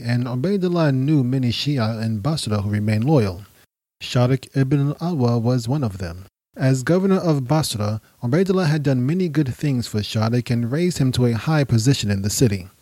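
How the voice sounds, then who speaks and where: A man narrating a history podcast in a measured, dramatic storytelling manner. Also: medium pitch, warm tone, dry recording.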